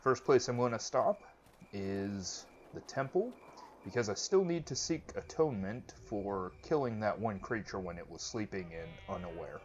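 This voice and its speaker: A man's voice: on the low side, lively intonation, moderate pace, a little hiss or hum. A man hosting a let's-play, giving casual, chatty game commentary with joking asides. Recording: lo-fi with game music behind.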